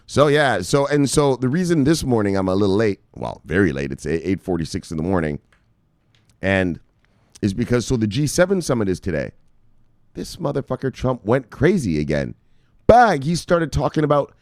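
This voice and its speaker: A man's voice: on the low side, sing-song, normal speed, darkish tone, no room sound, studio quality. A man hosting crypto news, ranting with casual profanity and lots of fillers. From United States.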